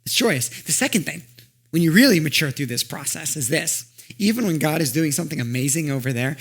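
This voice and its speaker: A man pastor preaching a sermon, swinging from loud, emphatic urging to soft, intimate asides. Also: on the high side, lively intonation, a little fast, breathy edge.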